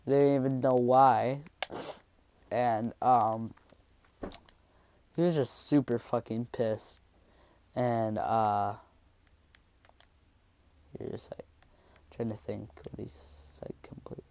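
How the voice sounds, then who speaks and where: A man's voice: medium pitch, fairly even intonation, takes it slowly, long pauses, darkish tone, a little hiss or hum. A young man telling a school story in a casual vlog, rambling with lots of swearing and fillers.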